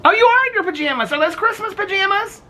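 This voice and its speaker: A man vlogging outdoors in his neighborhood with a handheld camera, telling animated, gossipy stories and laughing often. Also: very high-pitched, quick pace, crowd noise. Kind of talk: casual outdoor vlog chat.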